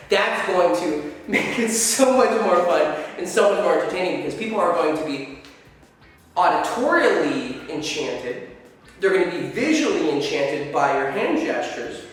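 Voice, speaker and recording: A man's voice: fairly high pitch, very animated, moderate pace. A man teaching dating advice to camera, swearing freely and acting out his examples. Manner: profane, demonstrative, acts out examples. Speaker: dating coach. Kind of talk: instructional talk to camera. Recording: echoey hall, far from mic.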